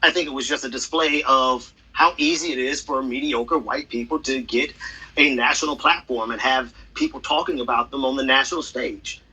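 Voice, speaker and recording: A man hosting an online audio space, relaxed as he hands the floor to speakers. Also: medium pitch, normal speed, breathy edge, rough recording. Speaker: host. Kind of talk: casual discussion.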